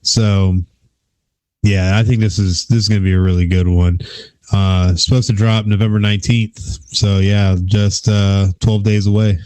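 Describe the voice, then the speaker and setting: Male co-host, very low and mellow voice, relaxed casual chat. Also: moderate pace, clear, resonant tone, no echo. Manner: relaxed, uses fillers like uh.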